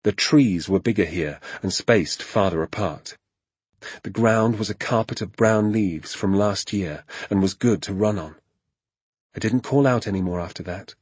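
A man narrating a storybook in a hushed, suspenseful manner. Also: lowish voice, unhurried, husky, no echo.

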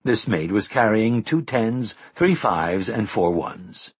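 A man reading an audiobook in measured, even scripted narration. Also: lowish voice, husky, dry recording.

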